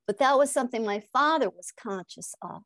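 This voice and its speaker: A middle-aged woman from Connecticut, a hypnotist guest on a podcast interview, telling animated stories, laughing often and repeating phrases for emphasis. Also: fairly high pitch, fairly quick, no echo.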